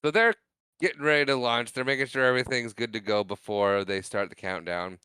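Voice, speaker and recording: A man's voice: mid-range voice, brisk, sharp tone, clean tone, no echo, studio quality. A man co-hosting a podcast, casually retelling a movie's scenes and laughing often at them. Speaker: podcast co-host. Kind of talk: casual movie recap chat.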